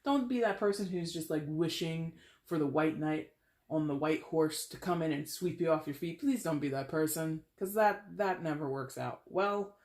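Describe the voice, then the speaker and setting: Chatty tarot reader, mid-pitch voice, playful and a bit dramatic, echoey room. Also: normal speed, a little mellow. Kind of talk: casual tarot reading monologue. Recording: roomy echo.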